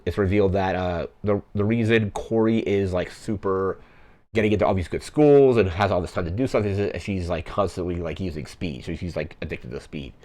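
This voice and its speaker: A young man hosting a podcast, casually recapping a film plot in a rambling way, full of "like" fillers. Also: low voice. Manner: rambling, heavy use of "like" fillers. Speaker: podcast host.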